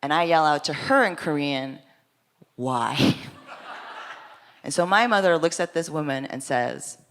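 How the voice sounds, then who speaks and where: A young woman telling comic, self-deprecating stories on stage in a chatty, animated way with many asides. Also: low-pitched, normal speed. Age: young adult. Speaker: storyteller at a live story slam. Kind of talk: comic stand-up storytelling. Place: stage before a live audience.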